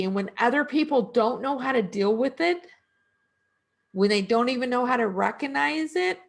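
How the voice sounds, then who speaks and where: Slow, gravelly middle-aged woman. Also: fairly high pitch. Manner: reflective, slow, conversational with rhetorical questions. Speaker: energy worker. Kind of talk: casual spiritual talk.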